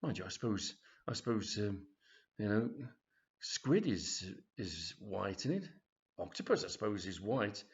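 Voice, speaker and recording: Man playing young lad, polite, sick to his stomach, muttering low; dull lo-fi take. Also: big pitch swings, a little slow. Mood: queasy, puzzled. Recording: dull lo-fi recording.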